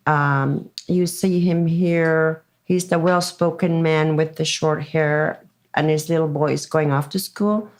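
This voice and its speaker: A woman moderating a panel Q&A, speaking in a measured, explanatory way. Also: low voice, fairly even intonation, darkish tone. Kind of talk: panel Q&A discussion.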